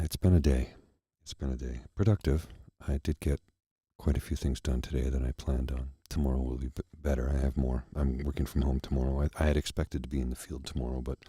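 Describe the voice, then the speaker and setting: A man hosting a soft-spoken ASMR chat, reflective and halting, with pauses and restarts, close to the mic in a quiet room. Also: a bass voice, breathy edge, no echo. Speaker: host.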